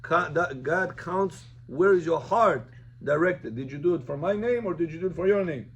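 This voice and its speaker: A man's voice: a little high, animated, moderate pace, a little hiss or hum. A man, a rabbi, teaching a Talmud lesson informally, telling the story and mixing Hebrew terms into plain English.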